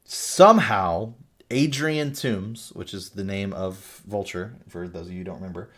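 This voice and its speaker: A man with a fairly low voice talks through a movie review in a loose, unscripted way. He rambles, swears casually and leans on fillers as he goes. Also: a little slow, fairly bright tone. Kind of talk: casual spoken film review.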